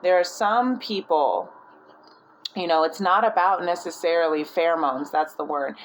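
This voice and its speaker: A woman's voice: fairly low pitch, moderate pace, a little hiss or hum, rough recording. A woman giving a casual spiritual reading, thinking aloud and often searching for the right word. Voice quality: rambling, frequent restarts and fillers. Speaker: spiritual reader.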